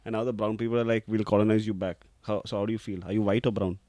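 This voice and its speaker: A man's voice: fairly low pitch, level tone, very fast, dark tone, dry recording. A man hosting a podcast, chatting casually and teasing his guest with provocative banter. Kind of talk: casual chat.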